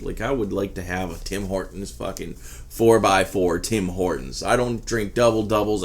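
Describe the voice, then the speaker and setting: A man giving a rambling, casual product review, swearing freely as he talks. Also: deep voice. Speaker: e-liquid reviewer.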